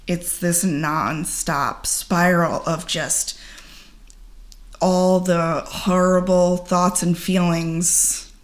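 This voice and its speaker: A woman guest speaking candidly and earnestly in conversation, halting often and filling pauses with "like.". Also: fairly low pitch. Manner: earnest, halting, full of "like" fillers. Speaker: podcast guest. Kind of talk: candid personal account in conversation.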